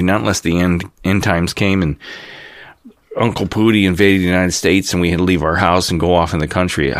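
Channel host, man in his fifties, very low voice, dry close sound, cynical rambling monologue. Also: no room sound. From Cleveland, Ohio area. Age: 50s. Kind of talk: casual monologue rant.

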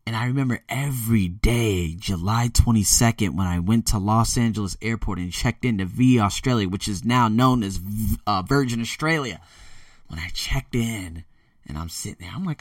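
Animated rambling New man. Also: mid-range voice, normal speed, no room sound, studio quality, far from the mic. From the Bronx, New York. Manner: rambling, animated storytelling with self-mocking asides. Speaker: podcast host. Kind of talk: casual solo podcast monologue.

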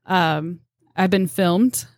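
A young woman, a deer tracker on a podcast, telling animated stories and acting out quotes with laughs. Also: on the low side, drawn-out words, dry recording, studio quality. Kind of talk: casual storytelling chat.

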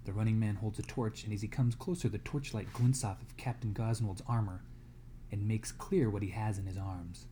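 A man's voice: on the low side, steady tone, normal speed, dark tone, a little hiss or hum. A man reading a novel aloud to a class as a guest reader, dramatic and dropping to a whisper in tense moments.

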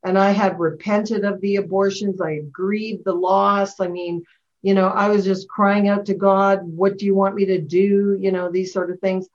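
A middle-aged woman, a guest, telling her personal testimony in a heartfelt, storytelling way, rushing at moments and going soft and slow at others. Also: mid-range voice, level tone. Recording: dull lo-fi sound.

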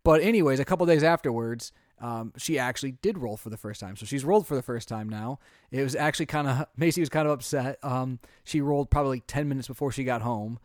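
A man in his thirties, a podcast co-host and father, chatting casually and telling animated stories. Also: mid-range voice, fast, no room sound, clean studio sound. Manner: chatty, animated storytelling with quoted voices. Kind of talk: casual chat.

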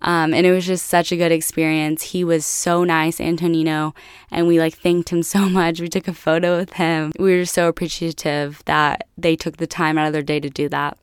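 A woman's voice: low-pitched, flat delivery, normal speed, clear, resonant tone, dry recording, clean studio sound. A young American woman hosting a podcast, chatty and laughing often as she tells a travel story to her listeners. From United States. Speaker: podcast host. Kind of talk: casual solo storytelling.

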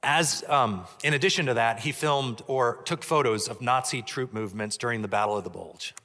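A man preaching a sermon as pastor, measured, dropping low and soft on key points. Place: church sanctuary. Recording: long church reverb.

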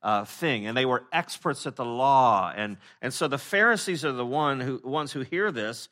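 A man preaching with a bright, forward voice. His delivery is loose and chatty, full of "uh" and restarts, and he slips into little acted voices when he quotes someone. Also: medium pitch, animated, moderate pace. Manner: conversational, many fillers and restarts; acts out quoted speakers in short voices. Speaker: pastor. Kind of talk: sermon.

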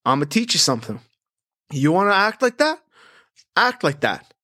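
A man's voice: sits high, sing-song, normal speed, sharp tone, no echo, exaggerated voice. Man impersonating a league commissioner, stern, scolding, dry close sound. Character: gruff adult male league commissioner.

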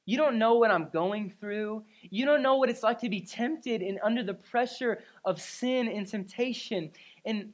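A woman with a medium-pitched voice preaches a sermon, telling an animated personal story and often tossing "right?" and "you know?" to the congregation.

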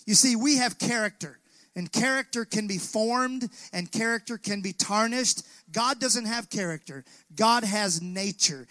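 Preaching in a church sanctuary, this pastor's voice sits high and moves at a moderate pace with lively intonation and a slightly bright tone. He uses call-and-response, urging the congregation to reply, with no room sound captured.

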